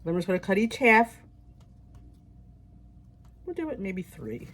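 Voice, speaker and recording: A woman's voice: medium pitch, sing-song, unhurried, noisy background. A middle-aged woman hosting a casual cooking vlog in her home kitchen, chatty and upbeat as she talks to viewers. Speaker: cooking channel host.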